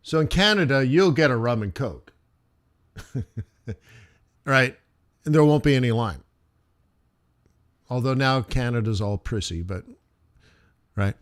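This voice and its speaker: A man's voice: mid-range voice, animated, takes it slowly, pauses often. A man hosting a live trading stream, talking in a rambling, chatty way and checking in with his viewers. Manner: rambling, chatty, lots of "like" and "right?". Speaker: forex trading stream host. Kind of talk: casual live-stream chat.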